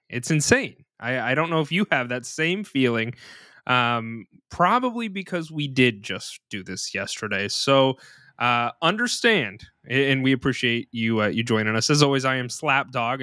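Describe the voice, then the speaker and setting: A man's voice: medium pitch, bright, forceful tone, dry recording, clean studio sound. A man hosting a podcast, talking in a chatty, informal way. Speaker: podcast host. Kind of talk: casual podcast chat.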